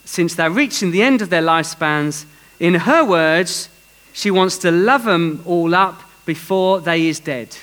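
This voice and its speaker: A man's voice: high-pitched, measured pace, a bit bright, rough recording. A man preaching a sermon in an earnest way, telling a story with some restarts.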